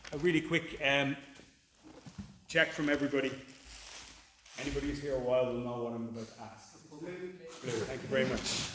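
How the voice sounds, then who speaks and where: A man's voice: mid-range voice, fairly bright tone, slight background noise. A man in his forties, a jiu-jitsu coach giving a casual, joking, rambling speech at a belt ceremony, full of fillers. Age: 40s. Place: martial arts gym, large room. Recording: echoey gym from far off.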